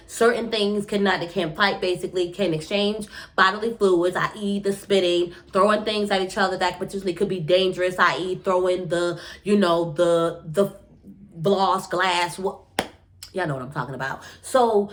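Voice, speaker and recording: A young woman, recapping a reality show in a casual, blunt, opinionated way, often jumping up in pitch as she rants. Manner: animated, blunt and opinionated, often jumps up in pitch, swears freely. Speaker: TV recap vlogger.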